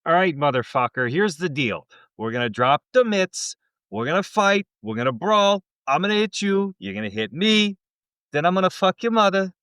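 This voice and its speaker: Man doing a loud cursing Canadian hockey enforcer. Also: sits high, very animated, moderate pace, clean tone, no room sound, voice pushed up. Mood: brawling bluster. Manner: loud, aggressive, swaggering. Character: foul-mouthed Canadian hockey brawler, man.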